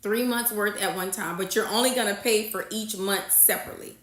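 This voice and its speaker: A woman's voice: mid-range voice, brisk, a bit bright, roomy sound. Chatty woman hosting a live stream. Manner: chatty, repeats phrases, reads and answers chat comments. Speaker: livestream host, registered nurse. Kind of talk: casual livestream chat with viewers. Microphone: phone or webcam livestream setup.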